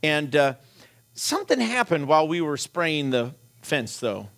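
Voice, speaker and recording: Middle-aged guy preaching, high voice with some gravel in it, lively self-mocking storyteller. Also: slow pace. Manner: animated, self-deprecating, laughs while telling. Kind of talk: humorous personal story in a sermon.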